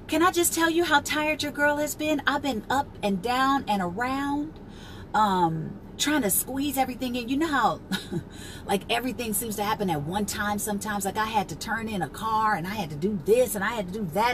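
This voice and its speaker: High-voiced, chatty woman life coach. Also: fairly bright tone, slight background noise. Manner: chatty, greets viewers by name, laughs often; turns slow and emphatic when teaching. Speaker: life coach and live-stream host. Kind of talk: casual live-stream chat.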